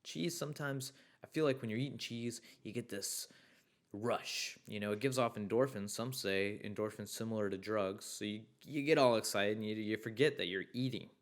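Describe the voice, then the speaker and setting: A young man hosting a podcast in a casual, chatty way, reading listener stories aloud and riffing on them with excitable, swear-laden enthusiasm. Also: fairly low pitch, moderate pace. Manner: excitable, swears freely, riffs loudly on stories. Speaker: podcast host.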